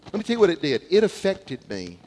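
A middle-aged male pastor preaching a sermon in church, telling stories in an animated way, repeating words and acting out quotes. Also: high-pitched, fast, slight background noise. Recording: long hall reverb.

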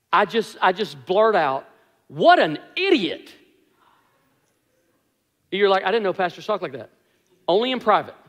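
High-voiced pastor preaching in a reverberant hall. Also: male voice, a bit bright. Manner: conversational storytelling with self-deprecating humor. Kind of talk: sermon.

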